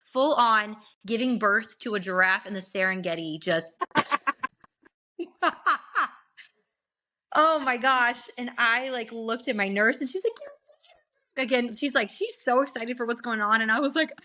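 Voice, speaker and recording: A young woman telling a personal story on a casual podcast, animated and laughing often. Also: fairly high pitch, unhurried, slight background noise.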